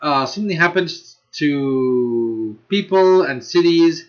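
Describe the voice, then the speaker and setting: A man's voice: fairly high pitch, animated, slow, dull audio. A man ranking anime in a casual video, rambling and restarting his sentences, laughing often and cursing freely. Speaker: anime reviewer.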